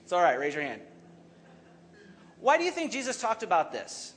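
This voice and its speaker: A man's voice: high voice, huge pitch swings, moderate pace, fairly bright tone. A young adult man preaching a sermon as pastor, talking conversationally and asking the congregation questions.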